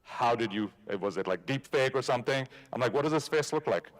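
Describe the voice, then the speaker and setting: A man's voice: mid-range voice, lively intonation, brisk. A man giving a conference talk, telling a story in a casual way and acting out bits of dialogue. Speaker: conference speaker. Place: conference stage.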